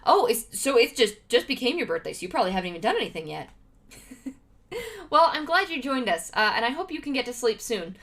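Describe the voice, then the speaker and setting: A woman's voice: a little high, big pitch swings, fast, fairly bright tone. A woman livestreaming, chatting casually to her viewers with lots of fillers and laughs. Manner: laughs often between remarks.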